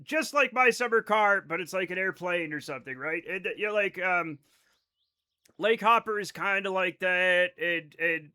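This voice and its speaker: A man's voice: sits high, bright, forceful tone. A man livestreaming a game, chatting casually with his viewers in a rambling, self-interrupting way, swearing now and then. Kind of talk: casual live-stream commentary to chat.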